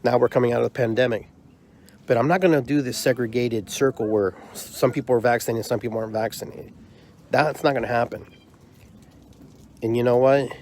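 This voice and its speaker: A man's voice: medium pitch, steady tone, a little fast, pauses often, a little mellow, slight background noise. A man hosting his own podcast, delivering a heated, frustrated monologue full of repeated rhetorical questions. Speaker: podcast host and drum circle leader.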